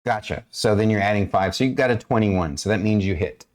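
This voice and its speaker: A man acting as dungeon master on a game stream, talking loosely with many fillers and often clearing his throat. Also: fairly low pitch, fairly quick. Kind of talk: running a tabletop game stream.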